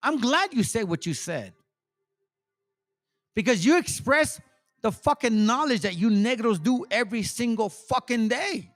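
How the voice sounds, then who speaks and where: A man's voice: extremely high pitch, big pitch swings, a little slow, faint music behind. A man, a channel host, delivering an angry, profane rant full of sarcasm and repetition. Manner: heated, cursing, sarcastic, repeats himself. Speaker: channel host, insurance seller.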